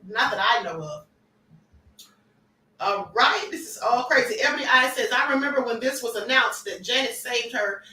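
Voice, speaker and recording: Gossip livestream host, woman, high and bright, emphatic, roomy distant sound. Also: slight background noise. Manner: animated, emphatic, repeats points. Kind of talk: celebrity gossip commentary.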